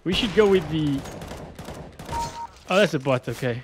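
Excitable man commenting on gameplay. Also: on the high side, measured pace, background noise. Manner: excitable, yelps and laughs at in-game moments. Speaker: gaming YouTuber. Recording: faint game gunfire behind. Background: game gunfire and explosions.

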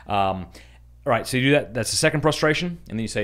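Male podcast host, mid-pitched, warm-hearted conversational teacher, earnest and easily amused. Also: big pitch swings, moderate pace. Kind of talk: casual spoken instruction.

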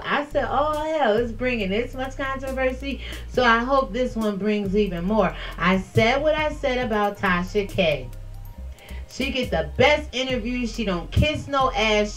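A woman vlogger talking casually and profanely while responding to viewer comments, loud and animated, laughing at her own jokes. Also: a little high, rough recording.

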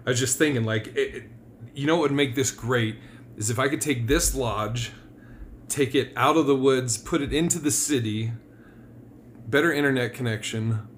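A man's voice: medium pitch, normal speed, slight background noise. A man ranting in a casual, self-mocking and profane way, vlogging from a rural cabin. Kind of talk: casual comedic rant. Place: rural cabin, partly outdoors.

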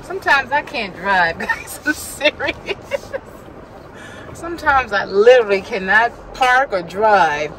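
A woman's voice: fairly high pitch, animated, takes it slowly, fairly bright tone, a faint crowd, a little hiss or hum, poor audio. A woman vlogger talking to her viewers while she drives, chatty and laughing, sometimes out of breath. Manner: chatty, laughs often, talks to herself. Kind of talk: casual chat while driving. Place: inside a car.

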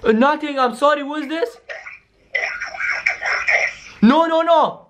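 A very high-pitched male YouTuber narrates a scripted scary skit. He speaks to his viewers in an excitable rush, full of "yo" and "guys". He keeps the camera audience close the whole way through. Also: slow, noisy background.

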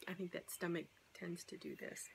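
Low, gravelly-voiced woman vlogging candidly. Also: huge pitch swings, moderate pace, background noise. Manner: rambling, candid, self-deprecating. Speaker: weight-loss surgery vlogger. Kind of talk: casual vlog monologue.

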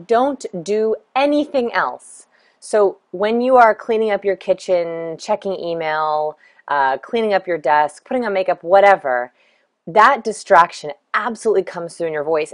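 Middle-aged woman teaching a lesson, pretty low voice, dry recording, walks through tips one by one. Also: no room sound. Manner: friendly, explanatory, gives numbered tips. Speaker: course instructor.

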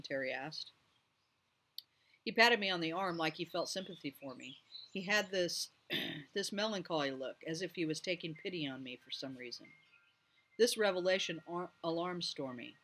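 Bright-voiced man reading a novel. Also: on the high side, moderate pace, a little hiss or hum. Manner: lively, voices each character. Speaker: audiobook reader.

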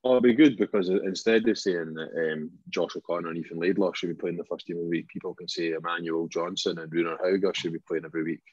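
A man's voice: sits low, steady tone, fast talker, hardly any pauses, darkish tone, no room sound. A Scottish man co-hosting a football podcast in casual chat, thoughtful and hedging, often restarting his phrases. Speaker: podcast co-host. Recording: dull lo-fi podcast audio.

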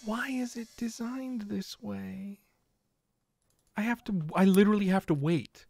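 A man's voice: high-pitched, measured pace, vocal fry, darkish tone, dry recording, studio quality. A young man streaming a game, exasperated, swearing and pleading with the game as he plays. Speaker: gameplay streamer. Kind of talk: frustrated gameplay commentary. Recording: game music playing behind.

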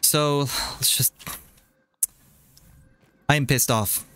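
A man giving let's play commentary on a survival game, swearing often and jumping to high shouts in frustration. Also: steady tone, drawn-out words. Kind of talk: gameplay commentary. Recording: faint game music behind voice.

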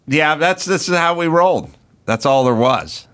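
A middle-aged man with a fairly high, sharp, forceful voice tells long, rambling stories on a podcast. He swears freely and plays up the outrage, and keeps the tone of loose, casual chat. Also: expressive, normal speed. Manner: rambling, profane anecdotes told with mock outrage. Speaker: podcast host.

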